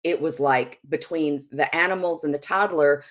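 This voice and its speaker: A woman with a low voice talks at a moderate pace, sharing a personal story about marriage at a Christian ministry. Her manner is chatty and candid, full of "like" and "you know," as she tells it on a live show.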